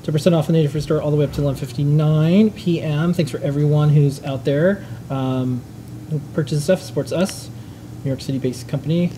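A man hosts a live stream in an easygoing, rambling way, his tone dark and mellow. His chat is informal. A faint hum of noise sits behind his voice. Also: on the high side, steady tone, a little fast, low-quality recording. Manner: laid-back, rambling, informal. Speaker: host.

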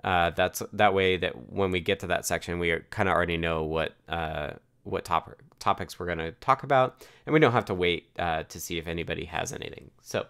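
Casting: low, smooth-voiced man, relaxed meeting host, lots of ums. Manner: relaxed, many filler words. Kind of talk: casual meeting rundown.

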